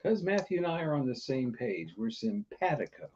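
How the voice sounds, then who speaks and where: A man's voice: medium pitch, very animated, moderate pace, noisy background. A man co-hosting a livestream, trading dry, joking banter while building. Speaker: co-host. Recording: muffled lo-fi stream audio.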